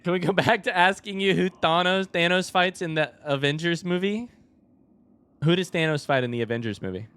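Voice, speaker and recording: A man streaming a video game, commentating live with excitable yelps and repeated chants, with game music under him. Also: high voice, brisk, clean tone. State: out of breath.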